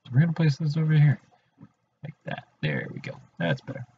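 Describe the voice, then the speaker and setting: A man's voice: fairly high pitch, sing-song, brisk, breathy edge. A young man casually chatting on a live stream while building, muttering to himself. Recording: dull lo-fi stream audio.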